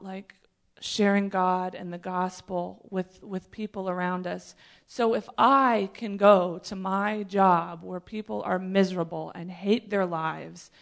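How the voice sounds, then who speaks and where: A woman's voice: mid-range voice, gravelly. A woman sharing a personal faith testimony with a group, telling her story in an earnest, rambling way with many fillers and restarts. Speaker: church member sharing testimony.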